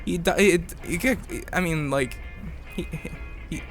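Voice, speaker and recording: A man's voice: a little high, measured pace, over music. A man streaming, reacting to a clip with crude jokes. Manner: crude, joking, laughs often. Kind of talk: live stream reaction commentary.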